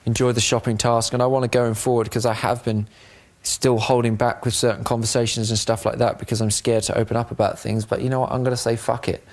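A man's voice: mid-range voice, little pitch movement, fast talker. A man on a reality show talking earnestly in a casual heart-to-heart, rambling and self-reflective.

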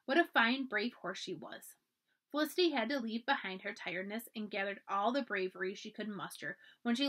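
A woman librarian reads a children's storybook aloud in a mid-range voice. She is expressive and often drops to a hush for the dramatic parts.

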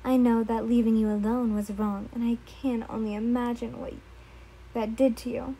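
A woman reading as a loving mother in a dream, tender and full of remorse. The voice sits a little high, with a mellow, husky tone. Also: flat delivery, moderate pace, rough recording. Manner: tender, emotional.

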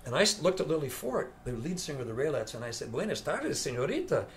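An older man, a veteran studio guitarist, telling an animated story in an interview and acting out the voices of the people in it. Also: medium pitch, quick pace, over a noisy crowd.

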